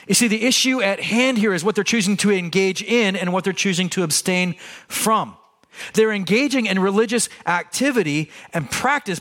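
Conversational man preaching with a higher voice. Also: a bit bright. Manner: conversational, with quick restarts and repeated words. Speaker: pastor. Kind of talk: sermon.

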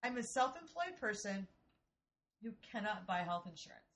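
A woman in her forties from Ohio, telling a story in casual, profane, animated chat. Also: mid-range voice, moderate pace. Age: 40s.

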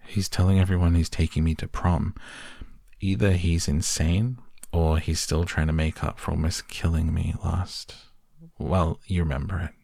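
A man with a gravelly voice reading the lines of an anxious teenage girl who babbles nervously, in an audiobook. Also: sits low, little pitch movement, moderate pace, warm tone, no echo, clean studio sound, heavily acted. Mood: nervous babbling. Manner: nervous rambling chatter.

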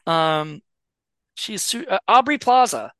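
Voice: mid-range voice, lively intonation, slow, fairly bright tone, dry recording. A podcast co-host chatting casually about a movie, rambling with many fillers and restarts. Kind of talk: casual movie-review chat.

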